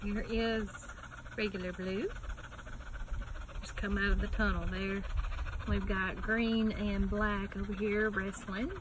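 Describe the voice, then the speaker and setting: A woman, narrating a home puppy video in an easy, slow way and coaxing the dogs. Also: flat delivery. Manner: slow, easy commentary, coaxing puppies in a high sing-song. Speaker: dog breeder filming puppies. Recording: noisy home video with panting dog nearby.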